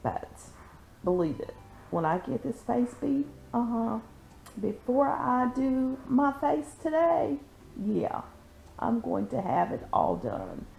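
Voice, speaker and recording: A woman's voice: fairly high pitch, big pitch swings, slow pace, creaky, a little mellow, slight background noise. A woman vlogging her routine in a sassy, chatty way, calling viewers honey and y'all. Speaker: beauty vlogger. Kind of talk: casual chatty vlog.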